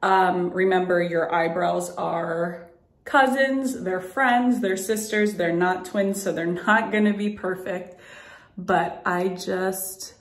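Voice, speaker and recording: A woman's voice: on the low side, fairly even intonation, slow, roomy sound. A young woman chatting through a makeup tutorial at home, a bit out of breath and full of fillers as she demonstrates. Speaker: beauty vlogger. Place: at home by a mirror.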